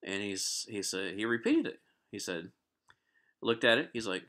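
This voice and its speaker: A man with a fairly low, expressive voice, pushed and bright, speaks at normal speed on a live stream. Telling a rambling personal story casually, he restarts often, fills pauses, and clears his throat.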